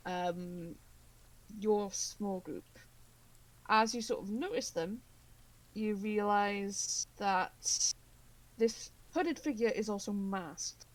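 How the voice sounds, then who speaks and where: A woman's voice: medium pitch, poor audio. A woman narrating as game master of a tabletop horror game, rambling with many fillers.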